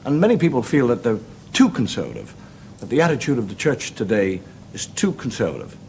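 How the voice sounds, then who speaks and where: A middle-aged Irish man tells stand-up stories in a lilting, wry way. His pitch swoops lively up and down. The old TV recording carries a clear hiss. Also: a little fast. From Ireland. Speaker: stand-up comedian. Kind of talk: stand-up storytelling. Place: television studio with audience. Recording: noisy 1970s TV broadcast.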